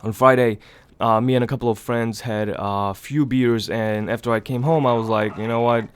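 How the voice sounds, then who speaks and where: A young man with a stuffy nose from a cold, giving rambling, casual gameplay commentary in a hushed low voice so he won't wake anyone at home. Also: fairly even intonation, normal speed, clean tone. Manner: hushed low voice to avoid waking others; rambling, many fillers, swears casually. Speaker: gaming channel host. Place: home, early morning.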